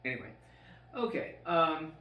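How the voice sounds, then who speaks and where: A man's voice: on the high side, very animated, unhurried, bright, forceful tone, a little hiss or hum. An older man rambling through a personal story at home, full of fillers and swearing. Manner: rambling, profane, with many fillers. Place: a room at home. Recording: roomy echo, faint ambience.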